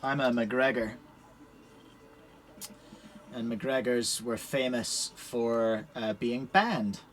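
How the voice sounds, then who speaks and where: A man's voice: medium pitch, very slow, slight background noise. A man with a Scottish accent chatting casually on a live stream while setting up puzzle cubes in a shed. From Scotland. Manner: chatty, cheerful, talks while working with his hands.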